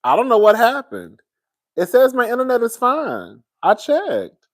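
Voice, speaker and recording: A man's voice: very high-pitched, wildly swooping pitch, a little slow. A man, hosting a casual livestream and venting in a sassy, exasperated way to his viewers. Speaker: livestream host.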